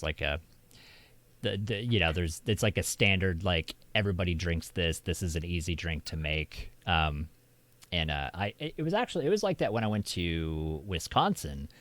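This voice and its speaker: Deep-voiced American man, rambling chat. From Oklahoma, US. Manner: rambling, laughs often, many fillers. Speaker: streamer host. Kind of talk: casual chat.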